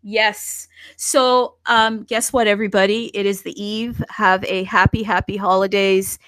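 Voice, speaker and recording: A woman's voice: mid-range voice, a little slow, no room sound, poor audio. Chatty woman hosting a casual livestream. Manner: chatty, animated, with restarts. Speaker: host.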